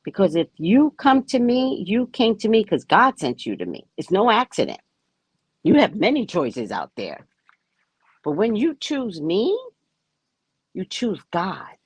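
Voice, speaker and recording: A woman's voice: mid-range voice, wildly swooping pitch, measured pace, slightly rough, no room sound. A woman psychic reader talking casually to her viewers, emphatic and self-assured. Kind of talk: casual spiritual talk to viewers.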